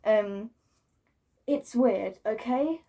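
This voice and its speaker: A woman's voice: a little high, very slow, warm tone. A woman vlogger ranting casually to camera, swearing freely, giggling and mocking herself, repeating words for emphasis.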